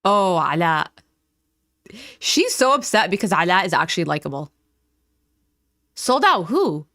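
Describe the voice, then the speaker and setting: A woman's voice: fairly low pitch, sing-song, measured pace, sharp tone, dry recording, studio quality. A woman hosting a reaction stream, talking back at a clip and thinking aloud in casual commentary. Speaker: reaction channel host.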